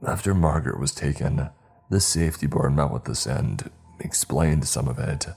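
A man voicing a grieving middle-aged father who speaks in a wavering, broken monotone. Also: normal speed, gravelly, soft background music, exaggerated voice. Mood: resigned. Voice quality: wavering baritone.

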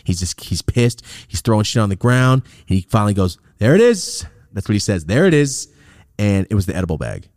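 A man's voice: fast, few pauses, dry recording, studio quality. A man in his thirties hosting a podcast, telling a story casually with lots of swearing and acting out the people in it. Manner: animated, profane, acts out quoted people with big pitch jumps. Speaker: podcast host.

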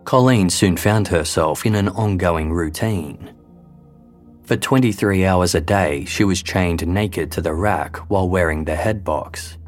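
A man, a podcast host, giving scripted true-crime narration in a measured, grave storytelling manner. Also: sits low, soft background music.

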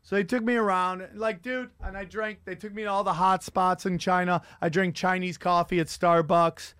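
A man hosting a podcast, telling stories in an animated, profane comedic rant. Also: high-pitched, moderate pace, clean tone, no room sound, studio quality. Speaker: podcast host.

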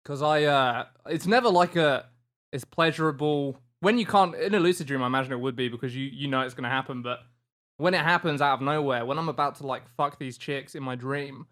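A man co-hosting a comedy podcast, talking crudely in casual banter, laughing often and jumping into high squeals. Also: brisk, a bit bright. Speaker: podcast co-host.

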